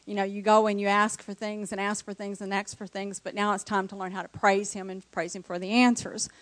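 A woman's voice: medium pitch, flat delivery, fairly quick, no room sound. A woman from the congregation telling an emotional personal testimony. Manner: emotional, storytelling. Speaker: church member giving testimony.

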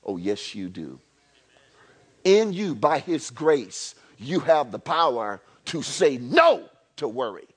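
A man's voice: mid-range voice, very animated, slow, slightly rough. A male pastor preaching a sermon, calling on the congregation to repeat after him and repeating lines for emphasis, often restarting his words. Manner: call-and-response preaching, repeats phrases for emphasis; stammering restarts, swings from hushed to loud.

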